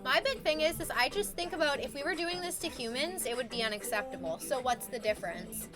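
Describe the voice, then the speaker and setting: A woman's voice: sits high, a little fast. A woman streaming live, chatting casually with her viewers, rambling and swearing as she gets worked up and reads chat messages aloud. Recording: music playing behind.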